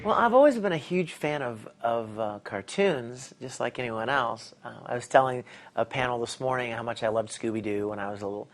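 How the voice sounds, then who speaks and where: A middle-aged man, a voice actor, telling stories in an interview with lively energy, laughing and acting out quotes. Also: mid-range voice, moderate pace. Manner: animated, laughs often, acts out quotes. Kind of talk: casual interview storytelling.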